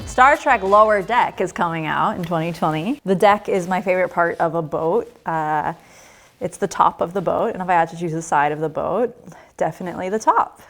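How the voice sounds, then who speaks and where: A woman on a comedy panel, delivering clueless non sequiturs in a flat deadpan. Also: lowish voice, moderate pace, soft background music. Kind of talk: deadpan absurd comedy chat.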